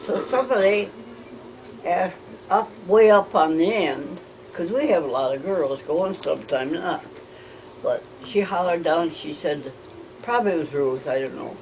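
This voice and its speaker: An older woman telling rambling family stories, halting with frequent restarts. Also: fairly low pitch, darkish tone, slight background noise, low-quality recording. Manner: hesitant, halting, with many restarts. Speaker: interviewee.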